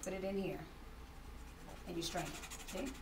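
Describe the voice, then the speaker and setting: A woman with an African American accent talks a group through a live tea demonstration, chatty and quick to laugh. She sounds a little off-mic, picked up from across the room. Dishes and cutlery clatter behind her. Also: lowish voice, fairly even intonation. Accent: African American Vernacular English. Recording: distant mic with room noise.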